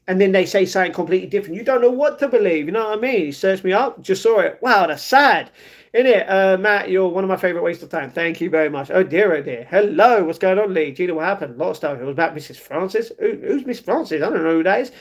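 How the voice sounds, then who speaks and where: London guy, young, high voice, easygoing livestream host reading chat. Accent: London English. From England. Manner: chatty, reads comments aloud and answers them. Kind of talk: casual live chat.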